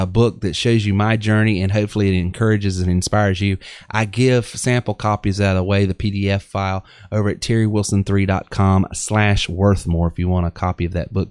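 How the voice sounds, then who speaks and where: A man's voice: low-pitched, darkish tone, no echo, studio quality. A man with a Southern accent hosting a live online business show, chatting casually and rambling with lots of fillers and restarts. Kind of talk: casual live-stream chat with pitches.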